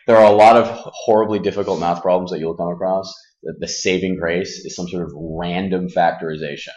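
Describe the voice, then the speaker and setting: A man teaching a calculus class in a classroom, casual and self-deprecating, firing quick questions at his students. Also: deep voice, a little mellow, highs cut off. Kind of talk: classroom math lesson.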